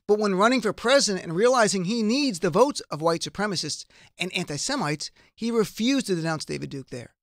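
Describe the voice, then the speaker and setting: A man's voice: sits high, lively intonation, brisk, fairly bright tone, no echo, clean studio sound. A man hosting a political talk show, making an emphatic, passionate case full of rhetorical questions. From United States. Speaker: radio show host. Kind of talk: political commentary.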